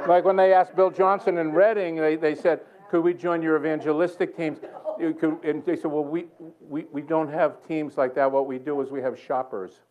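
A man's voice: a little high, steady tone, moderate pace, hardly any pauses, muffled recording. A man preaching a sermon in a church, telling a story with lots of chuckles and self-mocking humor. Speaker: guest preacher. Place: church sanctuary.

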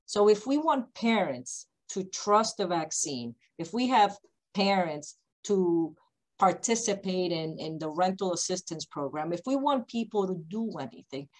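A woman who founded a company, speaking on a video call panel with emphatic, deliberately slow, repetitive points. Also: lowish voice, poor audio. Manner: emphatic, repeats key points, speaks slowly on purpose.

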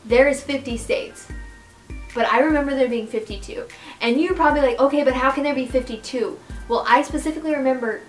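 High-voiced young woman vlogging, animated. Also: a little fast, faint music behind, rough recording. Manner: animated, incredulous, swears in outbursts. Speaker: YouTuber. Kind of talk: casual vlog monologue.

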